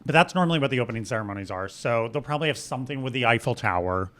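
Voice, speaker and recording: Man, comedy podcast co-host, bright forceful tone, playful and rambling. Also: medium pitch, lively intonation, very fast. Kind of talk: casual comedic chat.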